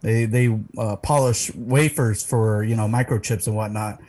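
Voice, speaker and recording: A man's voice: fairly low pitch, steady tone, normal speed, a little mellow, a little hiss or hum. A man telling rowdy, profane stories in a casual podcast chat, laughing into his lines.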